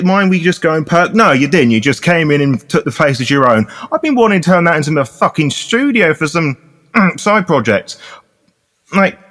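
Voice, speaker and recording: A man's voice: mid-range voice, a bit bright. A man voicing a brash, crude, swearing male vampire baron, in a tabletop game.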